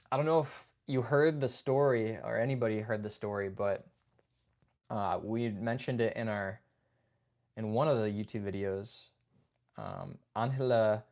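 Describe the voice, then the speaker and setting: A man co-hosting a homestead livestream, talking casually with frequent fillers and restarts. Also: lowish voice. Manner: relaxed, hesitant, many fillers and restarts. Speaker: homestead channel co-host.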